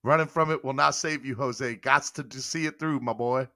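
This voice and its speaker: Bright-voiced playful male host. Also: medium pitch, normal speed. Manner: playful, coaxing, laughing often. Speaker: podcast host. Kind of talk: casual live-stream chat.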